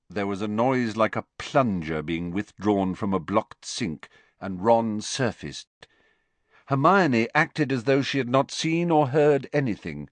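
A man's voice: fairly low pitch, animated, a little slow, dry recording. A man reading a novel aloud as audiobook narrator, telling the story expressively. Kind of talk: scripted narration.

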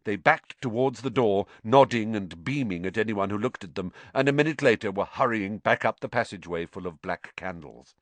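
Male audiobook narrator, animated and bright, dry studio read. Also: lowish voice, normal speed, few pauses, no echo. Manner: expressive, animated storytelling. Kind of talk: storybook narration.

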